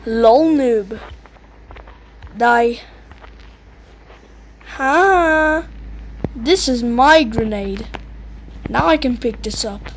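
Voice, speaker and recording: A young woman giving excitable, taunting commentary while playing a video game, yelping and squealing at the action. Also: very slow, long pauses. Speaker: gamer. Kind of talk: gameplay commentary. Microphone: low-quality mic. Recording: faint noisy low-quality mic.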